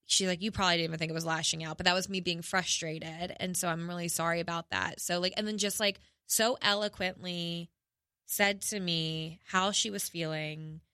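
A woman's voice: fairly low pitch, steady tone, moderate pace, sharp tone, no echo, studio quality. A young woman telling a personal story in a casual podcast chat, candid and emotional, with many fillers.

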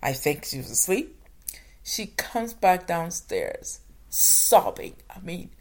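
Gravelly-voiced mother telling a story. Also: lowish voice, sing-song. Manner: halting, with restarts and hushed asides. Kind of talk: personal storytelling.

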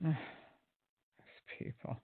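A man's voice: drawn-out words, no echo. A man giving sarcastic, indignant commentary on a preacher's clip, with plenty of fillers and restarts. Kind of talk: critical commentary on a sermon clip. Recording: tinny, dry phone-like audio.

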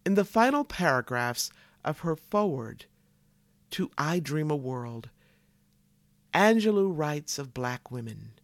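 A man delivering a solemn spoken tribute, slow and reverent, with dramatic pauses that sink to near whispers. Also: mid-range voice, no echo. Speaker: tribute narrator.

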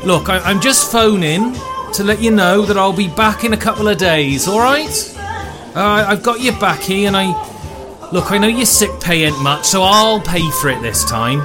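A man's voice: high voice, animated, normal speed, music in the background, pitched above the performer's own voice. A man doing a rowdy swearing lad. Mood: exasperated, chummy. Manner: boisterous, swearing, laughing, stammering restarts. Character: crude cheerful English lad, young man abroad. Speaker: character leaving a phone message. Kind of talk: voiced phone message in a solo tabletop game.

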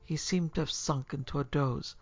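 A man narrating a classic story as an audiobook in a measured, formal manner. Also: fairly high pitch, steady tone, darkish tone, no room sound. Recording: dull lo-fi recording, faint music.

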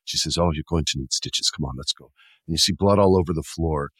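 A man co-hosting a casual horror-film podcast, retelling scenes with lively energy and playing out the lines in exaggerated voices. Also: rumbling low, brisk, breathy edge, dry recording, studio quality. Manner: animated storyteller, acts out movie lines in exaggerated voices. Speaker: podcast co-host. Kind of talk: casual chat.

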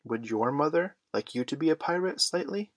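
A man voices a polite, somewhat silly young boy who chooses his words carefully, pitching his voice higher than his own. The delivery is animated, on the high side and moderately paced, recorded in studio quality with no echo.

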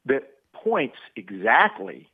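A man's voice: mid-range voice, huge pitch swings, takes it slowly, a loud crowd. A male caller on a call-in show, talking in a folksy, rambling way with colloquial turns of phrase. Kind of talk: casual call-in chat. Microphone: telephone. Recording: tinny dry phone line.

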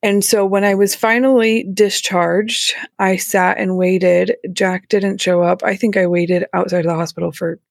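In an interview, a woman candidly recounts a hard personal story, her mid-range voice carrying a gravelly, fried edge and a level tone. She speaks a little slowly with hardly any pauses and a few nervous laughs, and the recording is dry and close with no room sound.

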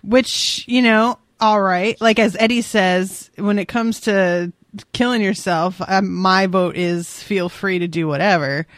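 A woman's voice: mid-range voice, steady tone, no echo. Sarcastic profane woman, dry sound. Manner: sarcastic and profane, quick asides. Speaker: podcast co-host. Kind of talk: casual chat about a book.

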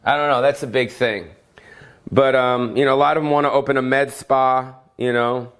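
A man's voice: medium pitch, fairly even intonation, normal speed, fairly bright tone, smooth. A middle-aged male comedian ranting alone, profane and rambling, full of fillers and tangents. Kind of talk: solo comedic rant.

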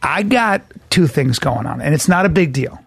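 Male podcast co-host, high pitch, keeps protesting and cutting in. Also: lively intonation, moderate pace, vocal fry, a bit bright, breathy edge. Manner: protesting, repeats himself. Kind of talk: casual podcast banter.

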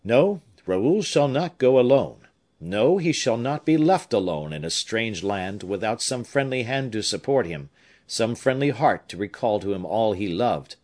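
A man's voice: medium pitch, expressive, unhurried. A man voicing an aging noble father who speaks in a solemn, heartfelt way. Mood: resolute.

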